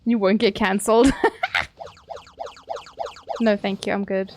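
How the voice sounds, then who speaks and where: A woman's voice: mid-range voice, flat delivery, slow pace, background noise. A woman streaming a video game, chatting playfully with her viewers and swearing freely as she plays. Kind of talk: casual gameplay commentary.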